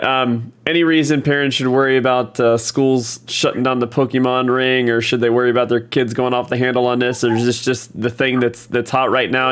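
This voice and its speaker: Man steering a podcast chat. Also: mid-range voice. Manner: relaxed, steers the talk with questions. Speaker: podcast host. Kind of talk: casual chat, moderating.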